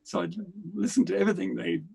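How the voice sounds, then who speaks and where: A middle-aged man from England, a podcast guest telling adventure anecdotes in an animated way and acting out the dialogue. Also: sits high, quick pace. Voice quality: gravelly, husky. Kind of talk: storytelling interview.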